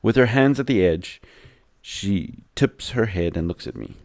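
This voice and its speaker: A man reads a visual novel aloud and breaks off into wry, joking asides. His voice is low with a gravelly fry. He sits close to the mic in a dry room. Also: lively intonation, unhurried, a little mellow, dry recording. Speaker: gameplay commentator.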